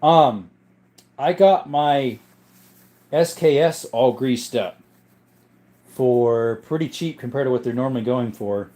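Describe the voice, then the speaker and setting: Speaking slowly with long pauses, this gun collector hosts a laid-back live chat from his home room full of firearms. His tone is warm and medium-pitched, though strained and tired, as he reads out viewer comments and rambles through his replies.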